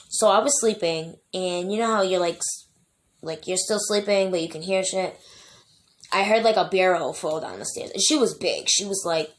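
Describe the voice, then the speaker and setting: A woman's voice: fairly low pitch, fairly bright tone. Emotional woman rambling through a personal story. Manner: emotional, rambling, many fillers and restarts. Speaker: vlogger.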